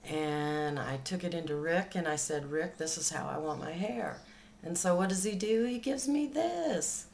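A woman in her sixties with a low voice, ranting to the camera and swearing freely, indignant and exasperated. There is a faint hiss of noise behind her in a home recording. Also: moderate pace. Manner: exasperated, swearing, ranting about a bad haircut. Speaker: vlogger. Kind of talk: casual venting to camera.

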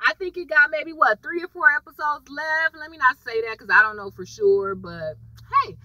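A woman giving a casual, animated recap of a TV episode and talking straight to her viewers. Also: high-pitched, moderate pace, no echo, rough recording. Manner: chatty, animated storytelling, addresses viewers directly. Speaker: TV episode reviewer.

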